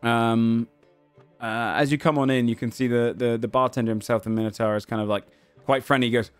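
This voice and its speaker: A man's voice: medium pitch, steady tone, brisk, clean tone, no room sound, soft background music. A man running a tabletop game as game master, describing scenes with lots of ums and uhs. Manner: rambling with many fillers.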